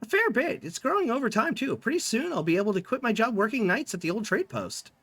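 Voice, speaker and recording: A man voicing an easygoing male stall keeper in a game, chatting in a relaxed, friendly way. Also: very high-pitched, fast, no room sound, pitched above the performer's own voice, full character voice.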